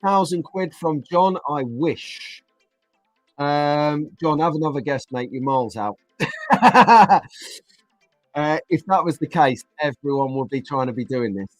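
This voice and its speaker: A man's voice: a little high, no room sound. Chatty man hosting a live stream. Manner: chatty, jokey, reads out viewer comments. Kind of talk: casual live stream chat.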